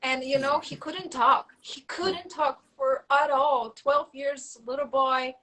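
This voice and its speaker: A woman telling stories in a casual interview, animated and full of fillers and restarts, acting out quoted dialogue. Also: sits high, takes it slowly, rough recording. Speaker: guest.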